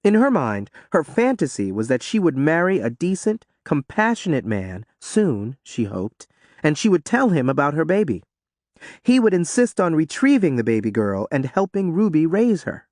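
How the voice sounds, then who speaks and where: A man narrates a novel in an expressive, animated manner, his pitch rising and falling freely. The recording is dry and close. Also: normal speed, dry recording. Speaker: audiobook narrator. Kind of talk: scripted audiobook narration.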